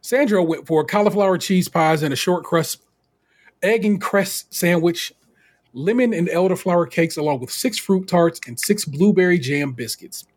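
A man co-hosting a podcast, recapping in a casual, slangy, animated way and laughing often. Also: high voice, moderate pace. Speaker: podcast co-host.

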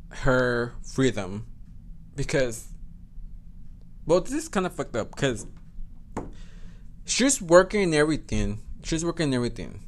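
A man hosting a solo podcast, chatting casually, swearing often and correcting himself as he goes. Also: mid-range voice. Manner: profane, code-switches into Spanish, self-correcting. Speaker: podcast host.

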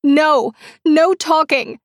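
A woman doing a shrill, unhinged captor woman. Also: extremely slow, no room sound, studio quality, heavily acted. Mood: screaming. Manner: screaming, wailing, shrill.

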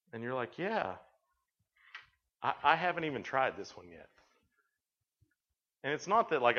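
This youth speaker, a man with a medium-pitched and slightly bright voice, preaches a chatty story-driven sermon. His manner is folksy, and he performs snippets of quoted dialogue, captured on a dull, lo-fi recording.

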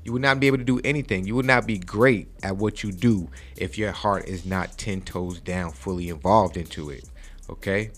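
A man's voice: low voice, moderate pace. A man in his forties hosting a podcast, giving a preachy motivational talk and often checking in with "okay?". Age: 40s. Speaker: podcast host. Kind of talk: casual podcast chat.

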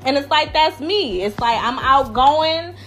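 Loud, blunt young woman chatting. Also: high-pitched, a little slow. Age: young adult. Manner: loud, blunt, profane, animated storytelling. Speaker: podcast panelist. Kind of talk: casual chat.

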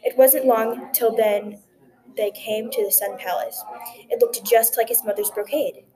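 A woman telling a folktale aloud in a gentle, expressive narrating voice. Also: on the high side, measured pace, crowd noise, rough recording. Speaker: storyteller. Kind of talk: folktale reading.

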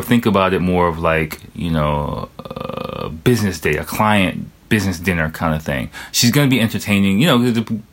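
A young man talks in a loose, rambling monologue with a fairly low voice. He swears freely and leans on filler words as he circles his point. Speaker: vlogger. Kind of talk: casual storytelling monologue.

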